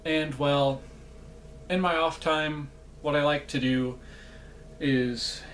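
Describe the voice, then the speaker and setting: A man's voice: a little high, steady tone, slow pace, a bit bright, slight background noise. A man chatting casually in a vlog, rambling and self-deprecating, with lots of fillers and asides. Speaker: vlogger.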